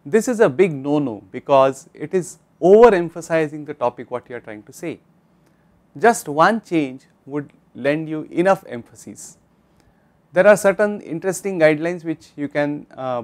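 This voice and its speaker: A man's voice: a little high, a little mellow. A man with an Indian English accent giving a recorded online course lecture, speaking instructively and addressing viewers directly.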